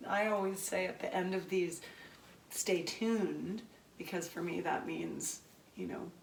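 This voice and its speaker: A woman hosting an interview, speaking gently and reflectively. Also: on the low side, steady tone, a little slow, vocal fry. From Canada. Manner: gentle, reflective, soft-spoken. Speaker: host. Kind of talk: interview conversation. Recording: echoey room from far off, faint noise.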